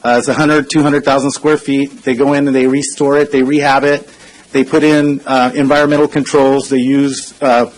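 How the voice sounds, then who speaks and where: 40s guy at a council podium, regular pitch, earnest and chatty, lots of uhs. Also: flat delivery, normal speed, low-quality recording. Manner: conversational and earnest, frequent uh fillers. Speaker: consultant speaking at public comment. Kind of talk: public comment speech, personal storytelling.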